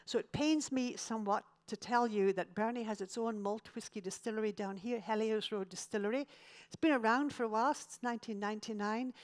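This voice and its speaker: A woman from Scotland, giving an illustrated travel lecture with dry, self-mocking jokes. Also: fairly high pitch.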